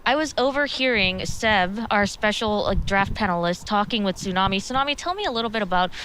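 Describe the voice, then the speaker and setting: A woman's voice: mid-range voice, animated, brisk, fairly bright tone. A woman hosting an esports panel, chatting casually and leading the questions in an upbeat way. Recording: background noise.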